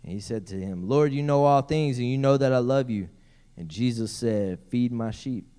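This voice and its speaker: A pastor delivers a sermon, moving between scripture reading and joking asides to the congregation. His voice sits at an ordinary middle pitch for a man. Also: moderate pace, warm tone, smooth. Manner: reads scripture aloud, breaks in with playful asides.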